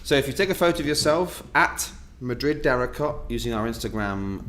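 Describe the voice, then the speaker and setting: A man's voice: mid-range voice, animated, a little fast, fairly bright tone, roomy sound. A man co-hosting a casual online wine tasting, a jokey, chatty storyteller. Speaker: wine shop co-host.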